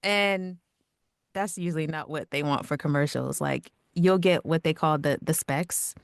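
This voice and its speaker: A woman working as a radio producer and voice actor, speaking in a calm, natural voice and chatting casually with plenty of "like" and "you know.". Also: deep voice, moderate pace, gravelly, dry recording, studio quality. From Long Island and Georgia. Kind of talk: casual interview answers.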